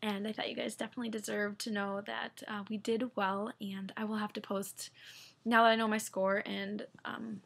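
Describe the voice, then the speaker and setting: A young woman, telling a story to her followers in a chatty, excitable way, full of fillers. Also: mid-range voice, normal speed, vocal fry, slightly rough. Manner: chatty, excitable, many fillers like "like" and "I don't know". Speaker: medical student vlogger. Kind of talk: casual storytelling vlog.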